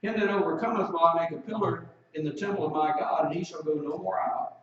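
Male preacher, slightly high voice, emphatic sermon delivery, distant, dull, echoing recording. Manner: preaching with emphatic, drawn-out scripture reading. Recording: roomy echo, distant mic, dull lo-fi sound.

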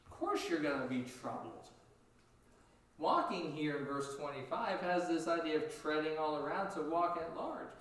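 A man preaching a sermon in a lively, animated way, jumping up in pitch as he acts out what people said. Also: normal speed. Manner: animated, acts out quotes with sudden high pitch jumps. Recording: echoey room, distant from mic.

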